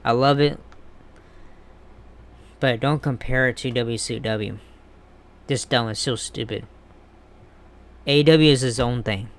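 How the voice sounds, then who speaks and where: A man's voice: mid-range voice, measured pace, long pauses. A man ranting bluntly and with heavy swearing in a casual wrestling commentary vlog. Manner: blunt, profane, heated ranting.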